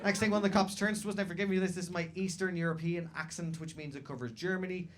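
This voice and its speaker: A man's voice: sits high, steady tone, rapid-fire, heavy background noise. A man doing brash, profane stand-up storytelling on a comedy stage. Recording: stand-up set with loud crowd laughter. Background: audience laughter.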